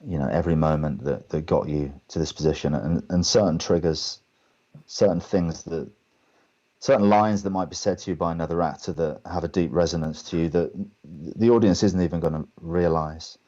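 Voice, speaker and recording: English man, deep voice, animated storyteller, dull lo-fi call audio. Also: normal speed. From England. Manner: animated anecdotes, acts out other people's lines. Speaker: guest actor. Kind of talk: storytelling in a webcast Q&A.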